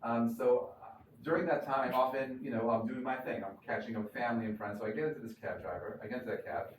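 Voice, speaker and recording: Speaking quickly with fairly even intonation, a medium-voiced man shares anecdotes as a rabbi at a packed gathering, stumbling through fillers and restarts. He's far from the microphone in a noisy, echoing room.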